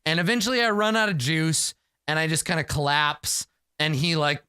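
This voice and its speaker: A man's voice: a little high, normal speed, pushed and bright, smooth, no room sound, studio quality. A man narrating a solo tabletop game in the first person, rambling and emotional, with many fillers.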